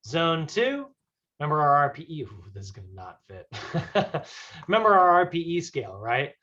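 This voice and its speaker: A man's voice: on the high side, wildly swooping pitch, normal speed, pushed and bright. A man teaching a fitness class in a casual, conversational way, often checking in with "right?". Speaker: fitness instructor. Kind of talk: classroom lecture. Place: classroom with whiteboard. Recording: dull lo-fi classroom recording.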